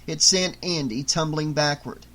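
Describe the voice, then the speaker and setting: A man narrating an audiobook, with a voice a bit above the usual male range. He reads steadily and keeps the scenes moving at an even pace. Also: fairly high pitch, unhurried, slight background noise, rough recording.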